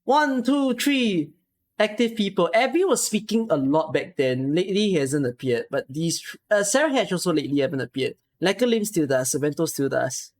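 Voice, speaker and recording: A streamer talks casually into a close desk mic, worn out and audibly emotional. The voice sits in a middle pitch and keeps jumping into excited bursts before settling back into tired, sentimental chat. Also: normal speed. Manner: emotional, excitable, near tears. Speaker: streamer reading follower names.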